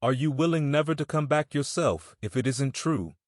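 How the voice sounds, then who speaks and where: A man's voice: on the high side, animated, moderate pace, dry recording, studio quality, pitched above the performer's own voice, lightly acted. A man reading an audiobook, voicing a middle-aged grieving mother who pleads and sobs for the truth about her son's death. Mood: solemn. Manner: sobbing, pleading. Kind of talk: audiobook character voice.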